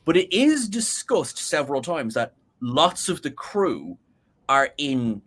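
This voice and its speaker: A man's voice: a little high, sing-song, slow, fairly bright tone. A man with an Irish accent, a guest co-host in a casual podcast chat who rambles with many restarts and asides.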